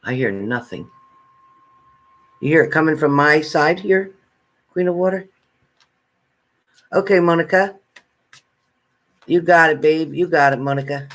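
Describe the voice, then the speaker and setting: A man's voice: fairly high pitch, lively intonation, a little slow, long pauses, fairly bright tone, poor audio. A man doing a live tarot reading, chatting and reassuring viewers by name as he goes. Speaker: tarot reader.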